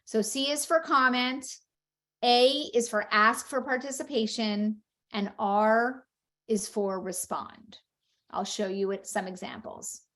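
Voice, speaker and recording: A woman's voice: on the high side, steady tone, takes it slowly, fairly bright tone. A woman explaining a book-reading method to parents in a patient, instructional way, acting out short read-aloud examples. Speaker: speech-language educator.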